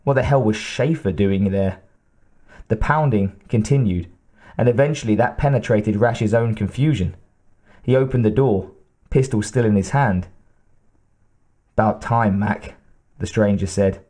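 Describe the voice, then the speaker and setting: A male narrator reading a novel aloud in a measured, steady way. His voice sits somewhat low and has a mellow, dark tone. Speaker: audiobook narrator. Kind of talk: scripted narration.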